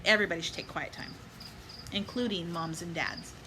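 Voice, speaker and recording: A woman reading a children's picture book aloud, stopping to give gentle life lessons to children and moms and inviting listeners to chant along. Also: on the low side, a little fast, background noise. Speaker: storybook reader.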